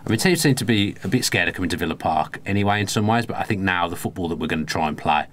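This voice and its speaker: A man's voice: low-pitched, expressive, racing, a bit bright. A man co-hosting a casual football podcast, chatty and opinionated. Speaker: podcast co-host.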